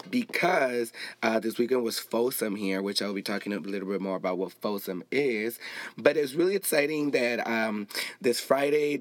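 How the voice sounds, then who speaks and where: A man's voice: on the low side, dry recording. Male podcast host from Los Angeles, casual and chatty with playful asides, recorded dry. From Los Angeles, United States. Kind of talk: casual solo podcast chat.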